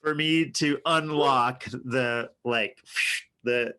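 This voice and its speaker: A man's voice: medium pitch, fairly even intonation, extremely slow, sharp tone, clean tone. A middle-aged man and father co-hosting a podcast in casual chat, playful and self-mocking, laughing often.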